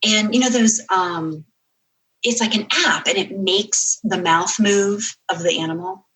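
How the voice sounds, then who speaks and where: Woman guest on a podcast, animated and rambly, fixes her own details as she goes. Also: medium pitch, rough recording. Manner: animated storyteller, quick asides and self-corrections. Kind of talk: casual interview chat.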